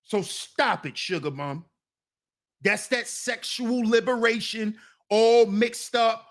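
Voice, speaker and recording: High pitched guy, blunt casual rant, scolding his chat. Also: big pitch swings, slow. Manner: blunt, scolding, talks back to viewers. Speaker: commentary channel host.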